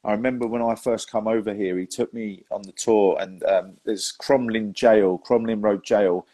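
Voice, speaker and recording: A man's voice: lowish voice, fairly even intonation, normal speed, dark tone. A man hosting a podcast, telling stories in a chatty way and laughing often. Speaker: podcast host. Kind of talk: casual chat.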